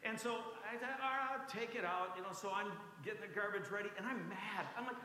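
A man's voice: high-pitched, a little fast, few pauses, bright, forceful tone, a little hiss or hum. A middle-aged man, a pastor, telling a story in a conversational, self-mocking sermon style. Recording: echoey hall with faint ambience.

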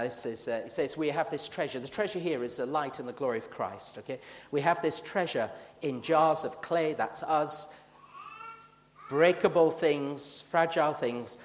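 A man preaching a sermon in a church, reading scripture aloud with measured emphasis. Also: mid-range voice, in a large hall. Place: church building.

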